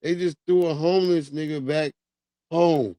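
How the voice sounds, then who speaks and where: A man's voice: on the high side, fairly even intonation, moderate pace, warm tone, no echo, studio quality. A man hosting a livestream, ranting profanely in casual commentary and laughing through it. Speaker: livestream host.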